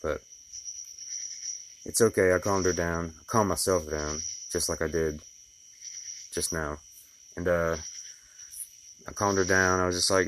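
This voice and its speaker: Deep-voiced man rambling about his day. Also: steady tone, unhurried, long pauses, fairly bright tone, a little hiss or hum. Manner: rambling, folksy storytelling with fillers. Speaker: glass installer. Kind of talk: casual personal vlog.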